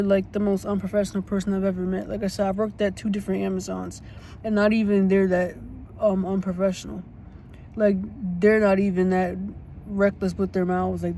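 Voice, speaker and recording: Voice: mid-range voice, level tone, brisk, mellow, slight background noise. A casual storytime vlogger who tells a story bluntly and indignantly, swears freely and repeats points for emphasis.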